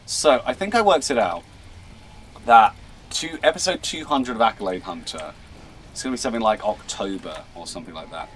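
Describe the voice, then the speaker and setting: A man's voice: mid-range voice, sing-song, fairly quick, a bit bright, slight background noise. A playful man, chatting casually while live-streaming a game. He stammers, repeats words and laughs often. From England. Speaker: livestream host. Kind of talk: casual gaming livestream chat.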